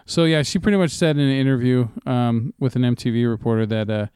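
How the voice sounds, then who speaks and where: Laid-back swearing podcast co-host. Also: male voice, medium pitch, fairly even intonation, quick pace, darkish tone, clean tone, dry recording, clean studio sound. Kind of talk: casual chat.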